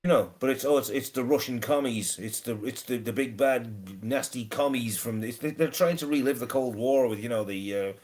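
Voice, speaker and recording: A man's voice: medium pitch, fairly quick, hardly any pauses, a little mellow. Sweary stammering man ranting. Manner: swears freely, stammers and repeats words. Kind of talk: casual ranting chat.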